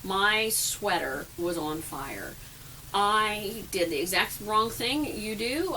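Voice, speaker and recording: Speaking slowly but with lively intonation, this middle-aged woman has a medium-pitched voice that sounds pushed and bright. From inside her camper, she rambles through funny camping stories at her own expense, laughing a lot, in a casual vlog captured on a distant mic with faint noise behind her.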